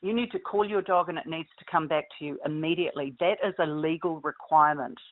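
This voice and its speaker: A woman's voice: low-pitched, fast. A woman, a guest expert explaining things steadily in an interview. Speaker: guest expert on dog safety. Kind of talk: interview answers. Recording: tinny phone line.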